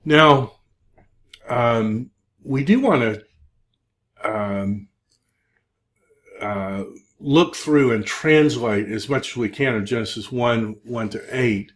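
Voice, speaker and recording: A man teaching a recorded Hebrew lesson, speaking haltingly with many fillers and drilling word forms. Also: mid-range voice, fairly bright tone. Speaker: Hebrew instructor. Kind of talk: recorded lecture.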